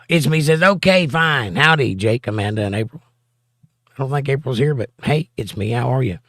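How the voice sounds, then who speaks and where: A man reads out chat messages during a relaxed livestream and tosses back quick wisecracks, his voice at an ordinary middle pitch. The recording is dry and close, picked up by a desk mic in a small home room.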